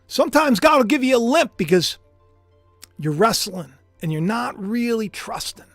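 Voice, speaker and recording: A man preaching on a livestream in an animated, emphatic way, swinging from hushed lows to near shouts. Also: moderate pace, dry recording, soft background music. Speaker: preacher streaming live.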